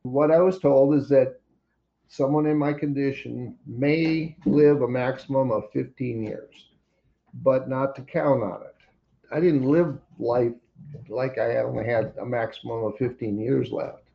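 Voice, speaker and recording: A man's voice: mid-range voice, steady tone, a little slow, gravelly, muffled recording. An older man wryly telling his daughter a personal story over a computer call. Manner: wry, plainspoken storytelling.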